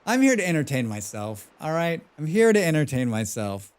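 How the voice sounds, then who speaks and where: A man livestreams a video game, rambling and cracking self-deprecating jokes as he plays. His fairly high voice is very animated and fairly quick, with a darkish, clear, resonant tone.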